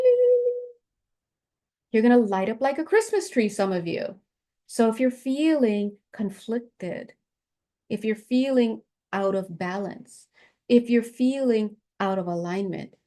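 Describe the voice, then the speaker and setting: A woman giving a casual spiritual talk, chatty and laughing, often jumping into high excited exclaims. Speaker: spiritual reader.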